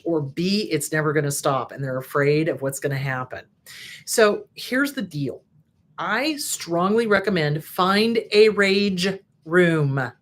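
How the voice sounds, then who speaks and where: A middle-aged woman therapist giving frank, emphatic advice straight to her viewers, with playful asides. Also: fairly low pitch. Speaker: therapist host. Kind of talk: casual advice talk to camera.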